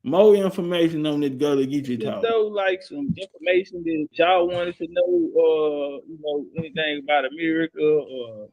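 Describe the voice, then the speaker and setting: A man hosting a live stream, talking loosely and shouting out viewers. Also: a little high, normal speed, hardly any pauses. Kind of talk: casual live-stream talk.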